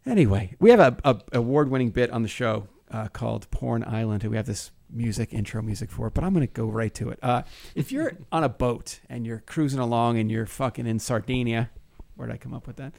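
Excitable gravelly-voiced male host. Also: mid-range voice, fairly quick. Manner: excitable, swearing, animated. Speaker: podcast host. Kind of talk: casual chat.

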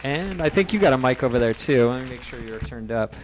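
A man's voice: mid-range voice, animated, fast, a faint crowd. A man hosting a podcast, teasing and introducing guests in the studio. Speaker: podcast host. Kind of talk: casual studio chat.

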